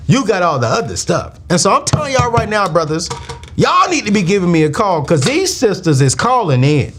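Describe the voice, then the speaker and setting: A man's voice: high voice, moderate pace, breathy edge. A man hosting a live call-in finance show, joking and preacherly. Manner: animated, preacherly, slangy and joking. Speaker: host.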